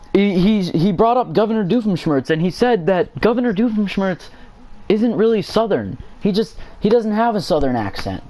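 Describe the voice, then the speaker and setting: A man with a fairly high voice plays a pretend political analyst, pausing often with ums and uhs as he works out what to say. His delivery stays casual and conversational. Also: a little mellow. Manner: halting, thinks aloud with many "uh" and "um". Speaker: mock political analyst in game role-play. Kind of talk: improvised comedic role-play chat.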